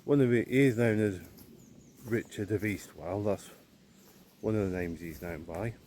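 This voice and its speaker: Low-voiced man chatting on a country walk. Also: moderate pace, mellow, a little hiss or hum. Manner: chatty, wry and rambling, with playful asides. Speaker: walking vlogger. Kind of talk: casual talk to camera while walking. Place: open countryside, outdoors.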